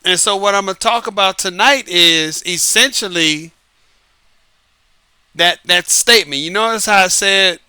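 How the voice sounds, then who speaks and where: A man hosting his own show as an author, giving a casual, lively monologue, repeating himself and laughing often. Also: sits high, measured pace, smooth, dry recording. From United States. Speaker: podcast host and author. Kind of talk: casual late-night monologue. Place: Southern California.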